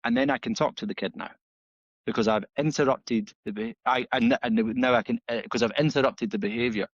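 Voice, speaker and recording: A man, a dog trainer guest on a podcast, telling stories in a casual, animated way and acting out the dialogue with many restarts. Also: medium pitch, fairly quick, dry recording. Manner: animated storytelling, acts out dialogue with frequent restarts. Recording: slightly dull, dry audio.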